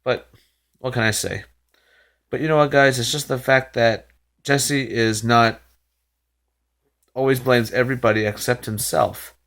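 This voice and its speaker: A man's voice: mid-range voice, fairly even intonation, measured pace, vocal fry, pauses often, a bit bright. A man hosting a reaction video, recapping and commenting in a rambling, exasperated way with frequent restarts and sighs.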